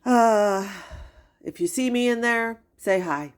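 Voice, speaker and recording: A middle-aged woman streams gossipy reaction commentary, chatty and incredulous, sighing and laughing often. Her voice is fairly high, slow and smooth.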